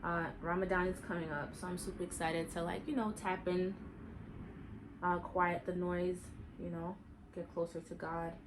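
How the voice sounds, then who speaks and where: A young woman chats candidly into her camera while getting ready. Her voice sits a little low but leaps up in animated, slangy bursts. A faint noise hums under the recording. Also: moderate pace. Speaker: vlogger.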